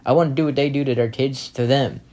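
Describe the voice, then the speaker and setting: A man's voice: medium pitch, steady tone, quick pace, darkish tone. Blunt, foul-mouthed young man ranting. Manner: blunt, heavy swearing, indignant rants. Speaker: reaction commentator. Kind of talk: casual reaction commentary.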